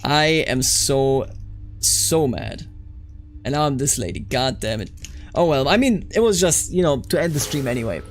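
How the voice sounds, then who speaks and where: Expressive male game streamer. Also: fairly high pitch, fairly quick, soft background music. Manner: reads event text aloud, reacts loudly. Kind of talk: live game stream commentary.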